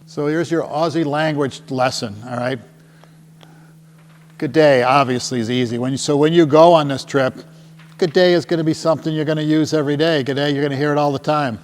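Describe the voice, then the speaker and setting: A man's voice: a little high, fairly even intonation, quick pace. A middle-aged man, a tour company presenter, gives a casual, jokey talk to a small live audience and keeps asking the crowd "right?". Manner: jokey and chatty, often asks the crowd "right?". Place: meeting room with a small audience. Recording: long hall reverb with faint hum.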